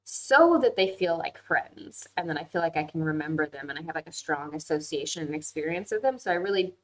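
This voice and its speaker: A young woman with a slightly low-pitched voice chats casually on a livestream. She talks loosely, leans on "like" as a filler and breaks into laughter easily. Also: animated, brisk, poor audio. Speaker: livestream host reading viewer comments.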